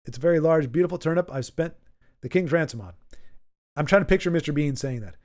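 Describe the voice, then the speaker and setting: A man hosting a livestream and chatting casually with his viewers. He rambles, often stumbles and restarts, and pokes fun at himself. His voice sits a bit on the high side for a man. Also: brisk. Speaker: livestream host.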